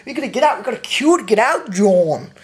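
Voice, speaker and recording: A man putting on a shrill, honking mum. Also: expressive, a little fast. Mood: brash. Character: loud brash mother of nine, woman.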